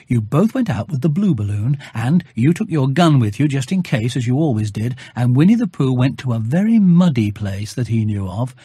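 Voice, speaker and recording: An audiobook reader narrating a children's storybook aloud, gently, with hushed asides. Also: medium pitch, breathy edge, no room sound, clean studio sound.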